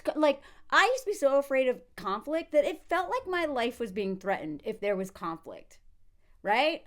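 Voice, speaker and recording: High-voiced woman commenting casually. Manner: animated, frequent laughs, acts out quotes in character voices. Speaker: commentary video host.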